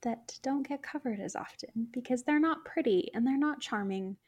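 A woman's voice: a little high, moderate pace, a little mellow. A woman co-hosting a podcast in casual chat, talking in a chatty way with lots of "like" fillers. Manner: chatty, many "like" fillers, laughs while talking. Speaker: podcast co-host.

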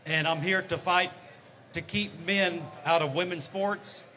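A man's voice: fairly high pitch, steady tone, unhurried, very noisy. A man speaking earnestly and emphatically at a convention. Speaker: interviewee. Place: convention floor.

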